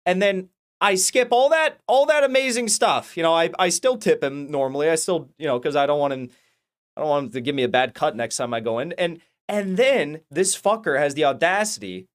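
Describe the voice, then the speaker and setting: Fired-up, rambling man with a higher voice. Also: animated, a little fast. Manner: rambling, heated, profane, many restarts. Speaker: political commentary channel host. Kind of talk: casual ranting commentary.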